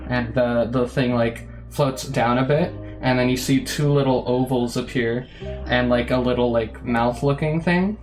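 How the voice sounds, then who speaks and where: A man's voice: mid-range voice, fairly even intonation, unhurried, a little mellow, soft background music, poor audio. Man, game master, loose rambling narration, tabletop game. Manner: loose, filler-heavy storytelling.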